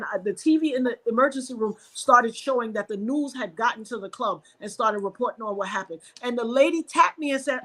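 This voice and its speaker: A woman from New York, a podcast guest, telling an emotional personal story and acting out the voices of the people in it. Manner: animated, reenacts dialogue with sharp pitch jumps.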